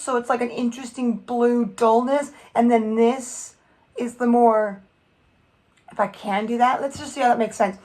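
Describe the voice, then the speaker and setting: Chatty woman rambling through a nail tutorial. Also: fairly high pitch. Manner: rambling, self-correcting, chatty. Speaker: nail art tutorial host. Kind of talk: casual thinking-aloud tutorial.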